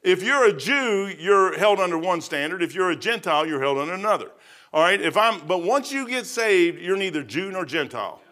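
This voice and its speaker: Male preacher, middle-aged, sermon, folksy, repeats himself, fervent, bright tone. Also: high voice, expressive, brisk. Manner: folksy, repetitive, rising to fervent emphasis.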